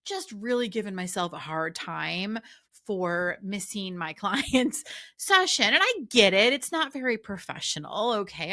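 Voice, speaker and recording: Brief: middle-aged woman coach, podcast host, chatty and warm, bright clear tone. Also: medium pitch. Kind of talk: casual solo podcast talk.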